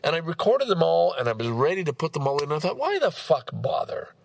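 Middle-aged man, podcast host; blunt, profane, digressive monologue with a lively, gravelly delivery. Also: on the high side, fast, dry recording. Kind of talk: rambling solo podcast monologue.

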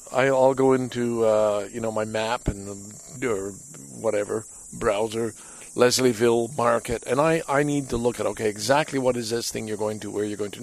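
A man speaks in a relaxed personal monologue from the deck of his home. His voice is gravelly with a noticeable fry at the bottom, and his pitch sits in an ordinary middle range. He rambles candidly and is hard on himself. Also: no echo, rough recording. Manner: candid, self-critical, rambling.

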